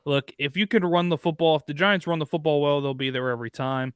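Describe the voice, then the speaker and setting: A man with a slight Northeastern US accent co-hosts a casual sports podcast. He talks in a crisp, smooth voice and rants with mounting heat. The sound is dry and close. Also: on the high side, fairly even intonation, fast, no echo. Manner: ranting, gets fired up. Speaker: podcast co-host.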